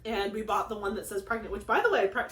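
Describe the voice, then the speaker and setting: A young woman hosting a casual vlog, telling a story in an excitable, rambling way with lots of fillers and acted-out quotes. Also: medium pitch, quick pace. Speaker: craft channel host. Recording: echoey room.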